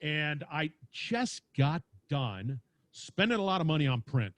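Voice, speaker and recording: A man with a big booming voice telling stories animatedly as a podcast guest, acting out quotes as he talks. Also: very animated, measured pace, fairly bright tone, no echo. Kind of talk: lively storytelling interview. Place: home studio with lights.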